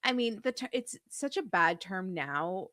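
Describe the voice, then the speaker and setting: A woman's voice: mid-range voice, lively intonation, measured pace, pushed and bright, no room sound, clean studio sound. A young woman co-hosting a podcast, chatting casually in an easygoing, rambling, confiding way. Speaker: podcast co-host. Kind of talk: casual chat.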